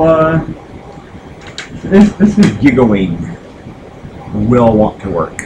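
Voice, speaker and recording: A man chats slowly through a home live stream, drifting between thoughts with many pauses and restarts. His pitch sits in a plain middle range. A steady hum of fans and room noise carries clearly under his voice. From United States. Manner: rambling, halting, many fillers and restarts. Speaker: gaming streamer. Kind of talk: casual live-stream chat.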